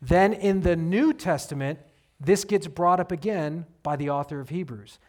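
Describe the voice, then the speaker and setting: Animated preaching man, higher voice. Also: moderate pace. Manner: animated storytelling, acting out quoted voices. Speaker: pastor. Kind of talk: sermon.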